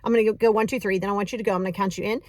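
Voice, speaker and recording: A woman coaching a breathing exercise in a casual, encouraging, chatty way, counting slowly. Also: mid-range voice, fairly even intonation, dry recording, clean studio sound. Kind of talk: casual guided breathing lesson.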